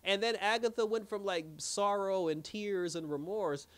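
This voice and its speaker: A man casually recapping a TV episode in an animated way, laughing often and acting out the characters' lines. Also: high voice, moderate pace, clean tone. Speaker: TV episode reviewer.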